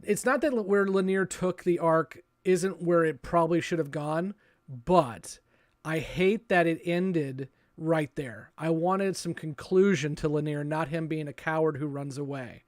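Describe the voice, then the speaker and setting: A man's voice: fairly high pitch, a little slow, no echo, studio quality. A man hosting a casual podcast chat, reading listener questions and thinking aloud with some hesitation. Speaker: podcast host.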